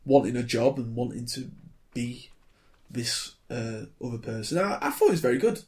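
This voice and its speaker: A man's voice: medium pitch, moderate pace. Blunt man in his twenties. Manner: blunt, wry, animated when ranting. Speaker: podcast co-host reviewing films. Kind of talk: casual chat.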